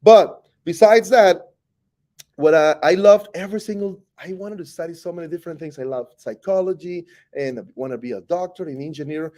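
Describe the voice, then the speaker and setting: A man from Costa Rica, a teacher, tells the story of his life during an interview, speaking with a Costa Rican Spanish accent. His pitch is fairly high and his delivery fairly quick, lively, meandering, and full of self-corrections.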